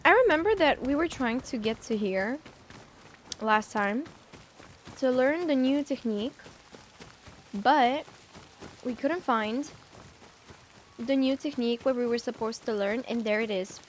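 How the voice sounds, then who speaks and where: Young Bulgarian-accented woman, high voice, chatty gaming streamer. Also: a little slow, pauses often, a little hiss or hum. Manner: chatty, teasing, reads chat aloud. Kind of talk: casual gaming livestream chat.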